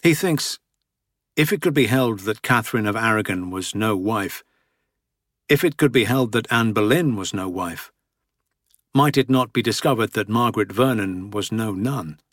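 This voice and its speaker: A man reading an audiobook as narrator, in a measured, quiet manner. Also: lowish voice, lively intonation, dry recording, studio quality. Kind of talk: scripted narration.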